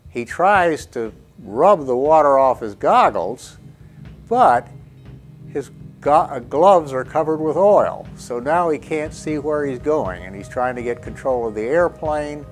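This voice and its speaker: A man speaking in a documentary interview, retelling events in an unhurried explanatory way with occasional restarts. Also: medium pitch. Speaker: interviewed expert.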